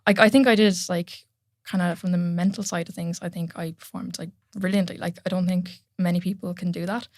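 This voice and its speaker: A young woman with an Irish accent, a guest chatting casually on a podcast, full of "like" and quick laughs. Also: fairly low pitch, fairly even intonation, a little mellow, no echo, clean studio sound. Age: young adult. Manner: chatty, lots of "like", laughs while telling stories. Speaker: guest powerlifter. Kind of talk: casual interview chat.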